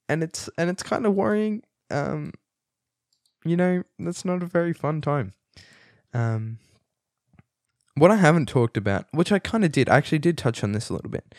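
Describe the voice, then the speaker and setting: A young man rambles through a casual film review, amused and loose, with plenty of fillers and false starts. His voice sits at an ordinary middle pitch. The sound is close and dry, with no room around it. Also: a little mellow, no room sound. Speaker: movie reviewer.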